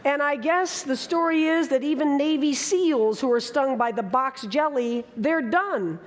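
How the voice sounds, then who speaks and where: High-voiced woman in her sixties, dramatic storyteller. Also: a little slow, big-room sound. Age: 60s. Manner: dramatic, vivid storytelling with emphatic bursts. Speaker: speaker. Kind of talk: storytelling talk on stage. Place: large hall with an audience.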